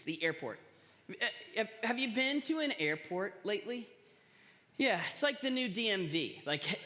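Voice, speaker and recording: Man, pastor, casual conversational sermon, bright forceful voice, fairly high pitch, long hall reverb. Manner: conversational, storytelling, self-deprecating jokes. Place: large church hall.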